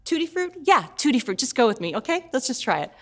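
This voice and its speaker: Woman doing a big sister voice, coaxing and soothing, kinda high. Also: big pitch swings, fast talker, a bit bright, heavily acted. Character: calm, coaxing older teenage sister.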